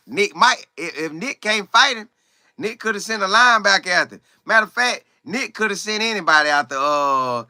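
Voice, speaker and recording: A man hosting a casual football livestream, greeting viewers by name and talking in animated, quick bursts. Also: on the high side, dry recording, studio quality. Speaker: livestream host. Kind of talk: casual live chat about football.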